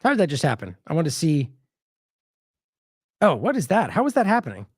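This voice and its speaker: Animated indignant male news commentator. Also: on the high side, a little fast, husky, no room sound, studio quality. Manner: animated, indignant, talks straight to viewers; reacts live while scrolling social media posts.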